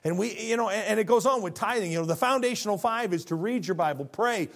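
A man delivering a sermon with a slightly high voice. He preaches with earnest fervor, often repeating words as he builds toward a point. His delivery swings between hushed stretches and loud, impassioned passages. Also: fast talker, gravelly. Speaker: pastor.

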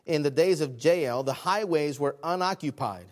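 A man preaching a sermon, swinging between loud exclamations and hushed, quiet lines. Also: a little high, moderate pace. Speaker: pastor.

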